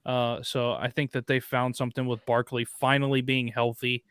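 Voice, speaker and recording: A man's voice: mid-range voice, little pitch movement, normal speed, a bit bright, smooth, no room sound, clean studio sound. A man co-hosting a sports podcast with a slight Northeastern US accent, ranting with passion in casual chat. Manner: ranting, gets fired up. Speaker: podcast co-host.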